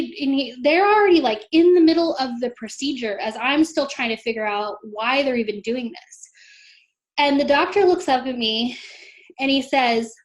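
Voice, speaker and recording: Earnest high-voiced mother telling her story. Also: normal speed. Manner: emotional, earnest, quoting others in a lifted voice. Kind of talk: interview storytelling.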